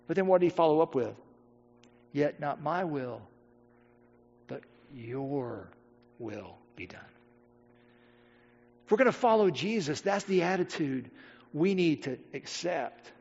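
Man, pastor, sermon, loud-to-hushed swings, dull muffled sound. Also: high voice. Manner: preaching with wide swings between loud emphasis and hushed quiet. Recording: dull audio with long hall reverb.

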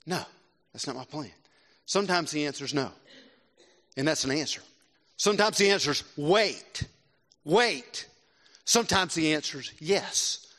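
A middle-aged man from South Carolina preaching a sermon, animated and swinging between loud exclamations and hushed earnest tones. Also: high voice. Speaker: visiting preacher. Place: large church with long reverb. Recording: reverberant church hall.

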